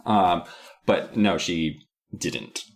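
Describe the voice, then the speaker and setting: Guy riffing on a book, low voice that jumps around a lot, goofy. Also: animated, extremely slow. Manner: joking, rambling, lots of likes and restarts. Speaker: podcast co-host. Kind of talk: casual book recap chat.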